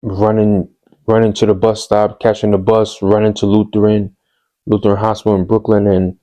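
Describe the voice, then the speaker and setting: A man's voice: lowish voice, flat delivery, moderate pace. A man telling a personal story on his podcast, candid and rambling, with lots of fillers and street slang. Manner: hushed and subdued later on. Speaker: podcast host.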